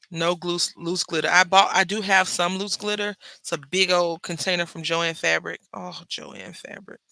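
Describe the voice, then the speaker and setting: A man's voice: high voice, little pitch movement, a little slow, creaky, sharp tone, dry recording. A man hosting a crafting video, chatting playfully to viewers and telling gossipy stories while he works at his table. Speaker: craft channel host. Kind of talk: casual crafting chat.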